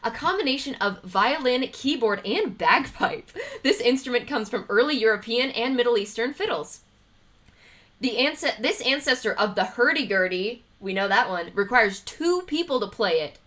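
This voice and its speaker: A woman's voice: on the high side, animated, moderate pace, fairly bright tone. A woman streamer chatting casually on a livestream, thinking aloud as she reads trivia questions, laughing often and greeting viewers.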